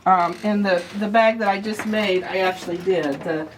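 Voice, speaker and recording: A woman's voice: mid-range voice, moderate pace, a crowd in the background. A woman giving a casual sewing demonstration, chatting as she explains each step while she handles the materials. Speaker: sewing instructor.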